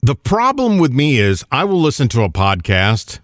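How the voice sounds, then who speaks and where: A man's voice: medium pitch, wildly swooping pitch, normal speed, no echo, studio quality. A man co-hosting a radio show, telling an exasperated story with swearing and laughing at himself. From the American South. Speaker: radio co-host. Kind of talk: casual radio banter.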